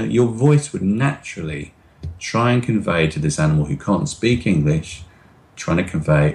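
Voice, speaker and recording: A middle-aged man with a very low, deep voice speaks as a guest expert on a video call. He explains things patiently and demonstratively, deliberately slowing his speech to make a point. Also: animated, creaky, darkish tone. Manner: demonstrative, acts out anxious voices and slows down on purpose. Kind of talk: explanatory interview talk.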